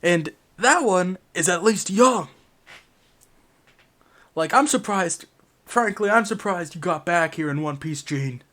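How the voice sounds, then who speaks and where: A man voicing a shaky, fervent old man who rants and curses loudly in a tabletop game. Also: high voice, expressive, slow pace, long pauses, pitched above the performer's own voice, exaggerated voice. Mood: scornful. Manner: loud, agitated, profane ranting.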